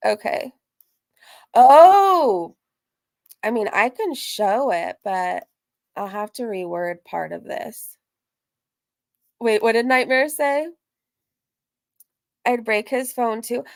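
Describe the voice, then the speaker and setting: A woman's voice: on the high side, slow pace, gravelly, long pauses, dry recording. Chatty woman live-streaming in a dry room. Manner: chatty, animated, frequent laughs and "like" fillers. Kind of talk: casual chat.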